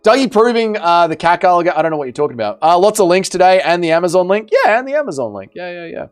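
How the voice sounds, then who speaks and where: A man's voice: high-pitched, very animated, racing, clear, resonant tone. Joking man streaming with faint music. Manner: joking, blunt, swears, trails off quietly. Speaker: livestream host. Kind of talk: casual livestream chat, reading comments.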